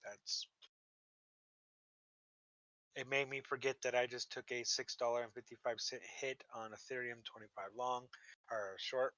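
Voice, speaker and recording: A man's voice: mid-range voice, level tone, normal speed, pushed and bright, no room sound, highs cut off. A young man from Montana hosting a casual crypto livestream, rambling and swearing between his friends' jokes. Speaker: livestream host.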